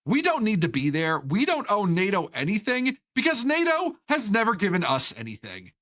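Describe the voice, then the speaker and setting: Ranting on his live stream, an American man swears heavily and keeps stopping to restart, his heated voice high, bright, and forceful, with huge swings in pitch.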